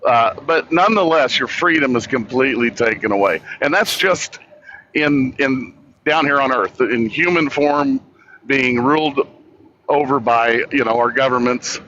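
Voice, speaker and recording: A man debating as a guest, halting and thinking aloud with frequent restarts. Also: mid-range voice, bright, forceful tone, muffled recording, slight background noise. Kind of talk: casual debate chat.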